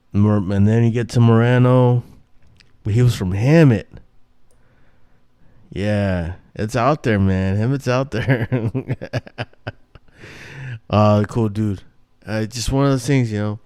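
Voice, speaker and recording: Recorded at studio quality with no room sound, a man with a lowish, slightly mellow, clear and resonant voice hosts a loose, rambling monologue. He swears, restarts his sentences often, and leans on fillers.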